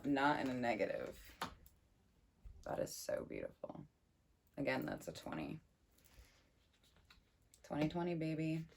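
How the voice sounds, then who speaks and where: A woman giving a casual tarot reading, chatty and excitable as she thinks aloud over the cards. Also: very deep voice, unhurried, creaky, long pauses. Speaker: tarot reader.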